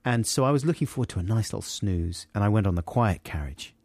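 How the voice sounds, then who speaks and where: Animated man telling a comic story. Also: on the low side, quick pace, no room sound. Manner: animated, acts out characters. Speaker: podcast co-host telling a story.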